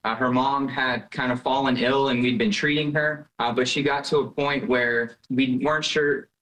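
A man's voice: medium pitch, steady tone, moderate pace, a bit bright. A man, a zoo director, explaining events plainly in an interview, recorded at a wildlife park. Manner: plain, explanatory, some fillers. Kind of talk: interview answers. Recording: distant roomy field recording.

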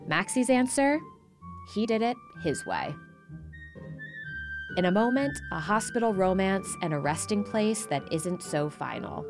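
A woman hosting a radio show, reading a measured scripted introduction. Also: mid-range voice, expressive. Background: music.

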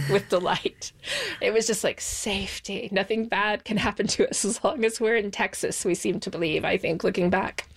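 A woman from the United States speaks as an interview guest, recalling her childhood. Her voice sits at an ordinary middle pitch, and she talks in a measured, reflective way. She slows down to let the weightiest words land. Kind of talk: personal recollection in an interview.

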